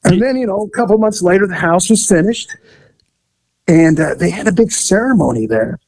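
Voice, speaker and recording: A man telling casual police stories, animated, laughing and swearing freely. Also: sits high, moderate pace, no room sound, rough recording.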